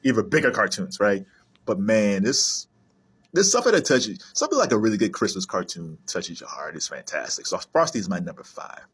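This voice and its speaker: Male creator, husky voice, expressive pitch, animated casual talk to camera. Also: fairly quick. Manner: animated, laughs often, jumps into high silly voices. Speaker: video creator. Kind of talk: casual solo chat to camera.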